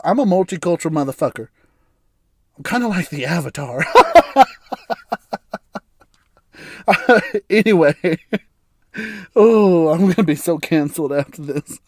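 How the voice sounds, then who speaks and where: A man's voice: fairly high pitch, no echo, clean studio sound. Blunt, profane man hosting a podcast. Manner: candid, blunt and profane, laughs often. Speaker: podcast host. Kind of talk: casual solo podcast monologue.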